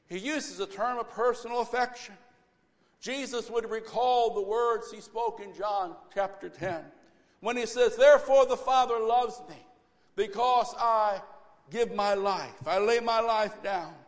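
A pastor preaching a sermon, building to fervent, repeated exhortations. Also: male voice, high voice. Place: church sanctuary. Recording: long church reverb.

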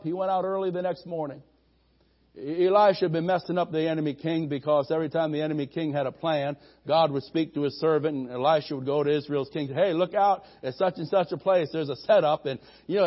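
A man with a high voice preaches to his congregation, climbing into loud, emphatic bursts before falling back to soft, conversational asides. The recording is dull and muffled, like old lo-fi church audio. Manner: preaching with sudden loud rising peaks and quiet asides. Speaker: pastor. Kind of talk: sermon.

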